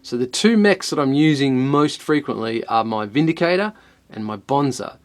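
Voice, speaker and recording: A young Australian man talks through a product review in an easygoing, unpolished way. He is blunt, swears freely and sounds at ease. His voice sits at an ordinary middle pitch for a man. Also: lively intonation, moderate pace. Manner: blunt, swears often, chatty and laid-back. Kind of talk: casual spoken product review.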